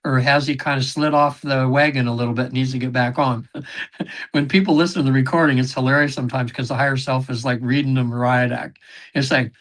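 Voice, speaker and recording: A man talking at a middle pitch, rambling through stories with lots of "you know" and "um". He clears his throat often and acts out what other people said. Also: fairly even intonation, moderate pace. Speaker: podcast guest, regression session facilitator. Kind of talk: casual interview storytelling.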